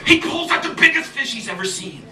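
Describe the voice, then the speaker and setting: Brief: playful male children's storyteller, high lively voice, echoey live room, crowd. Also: a little fast, far from the mic. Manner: animated, playful, repeating refrains. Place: live children's show venue.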